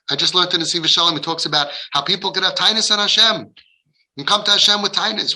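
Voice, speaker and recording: Bright-voiced man coaching parents passionately. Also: sits high, fast talker, poor audio. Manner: passionate, acts out dialogue, sprinkles Hebrew religious terms. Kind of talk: casual talk to parents.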